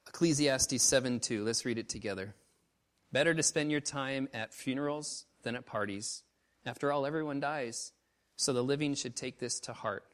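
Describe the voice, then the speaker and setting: Preaching with feeling, a missionary pastor tells stories that swing from booming bursts to hushed murmurs. He is male and speaks at a normal pace.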